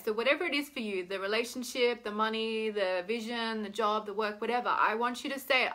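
Soft-spoken woman guiding a meditation. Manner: slow, soothing, drawn-out affirmations; drifts soft and low at phrase ends. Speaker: energy healing guide. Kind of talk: guided tapping meditation.

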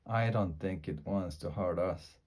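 A man's voice: medium pitch, very animated, slow pace, darkish tone, exaggerated voice. A man voicing a curious, cheerful young girl as he reads a storybook aloud.

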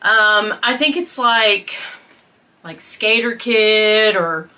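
Casting: woman in her fifties, bright, animated voice, haul vlogger gushing over gifts. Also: mid-range voice, very slow. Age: 50s. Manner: gushing, squeals and gasps with delight, talks to viewers as girl and y'all. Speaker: beauty and fashion vlogger. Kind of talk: excited haul video chat.

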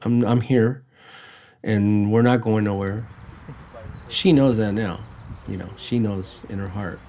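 A man's voice: fairly low pitch, fairly even intonation, takes it slowly, dark tone, a little hiss or hum. Plain-spoken middle-aged man. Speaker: interviewee. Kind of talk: documentary interview.

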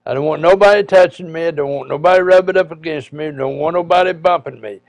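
A man, a preacher, telling a personal story in a folksy, halting way with frequent pauses and restarts. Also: a little high, gravelly, no room sound, lo-fi sound.

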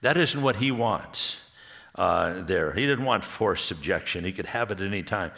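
A man preaching at a marriage conference, telling stories in a rambling, halting way and often laughing. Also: low-pitched, expressive, creaky, bright, forceful tone, big-room sound. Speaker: pastor speaking at a marriage conference. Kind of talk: conversational sermon with storytelling. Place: church hall.

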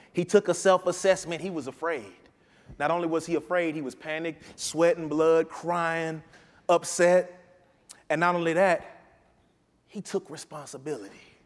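A man delivering a sermon with a voice pitched a bit above average. He moves from hushed, reflective moments to rising, urgent emphasis. His words trail off into the long reverb of a large sanctuary. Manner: impassioned, building from quiet to loud. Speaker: pastor. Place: church sanctuary.

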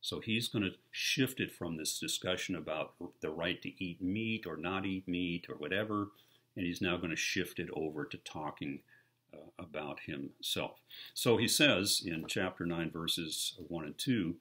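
An older man preaching with a low voice and a husky, slightly breathy edge. He talks through his sermon like a story told to friends and lifts into animated retellings. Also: a little slow. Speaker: pastor.

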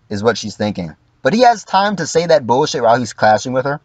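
Animated, profane man doing commentary. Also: mid-range voice, quick pace, few pauses, no echo. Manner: animated, profane, acts out quotes in mock voices. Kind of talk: casual livestream commentary.

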